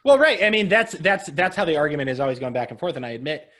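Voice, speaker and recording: A man's voice: fairly high pitch, big pitch swings, fast talker, a bit bright. A young man co-hosting a political podcast, talking casually with easy laughs and frequent restarts. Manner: conversational, laughs easily, frequent restarts and fillers. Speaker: podcast co-host.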